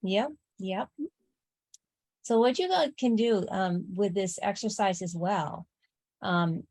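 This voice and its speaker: A woman's voice: medium pitch, slow pace, darkish tone, no room sound. A woman co-hosting an online writing chat, casually explaining an exercise with lots of "um" and "like". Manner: encouraging, explains with fillers. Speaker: co-host. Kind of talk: casual workshop talk.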